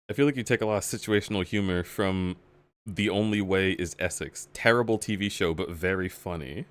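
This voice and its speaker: A man's voice: low voice, moderate pace, fairly bright tone, clear, resonant tone. A man streaming and reacting to a video with giggly, teasing commentary.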